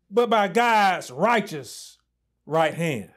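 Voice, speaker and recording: A male pastor preaching a sermon with passion, often shouting and then dropping to low asides. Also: sing-song, takes it slowly.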